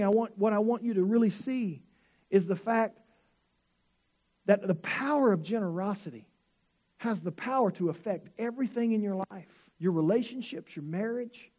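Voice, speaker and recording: Male pastor, high voice, animated storytelling sermon, muffled lo-fi sound. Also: husky. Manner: animated, rising to excited shouts in the story.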